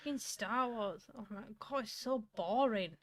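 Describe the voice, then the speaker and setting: A woman's voice: fairly high pitch, lively intonation, unhurried, over a noisy crowd. A woman chatting casually on a stream, teasing and blunt, laughing often. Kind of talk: casual chat.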